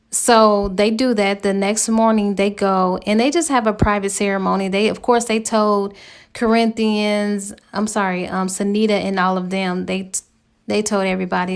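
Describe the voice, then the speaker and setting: A woman's voice: medium pitch, clean tone. A woman giving a chatty, slangy spoken recap of a novel's plot as a book reviewer.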